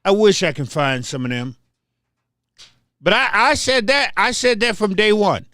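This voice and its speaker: A man's voice: high voice, lively intonation, unhurried, pushed and bright, clear, resonant tone, dry recording. An older man hosting a livestream, ranting casually and trash-talking viewers, often repeating his words. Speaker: livestream host.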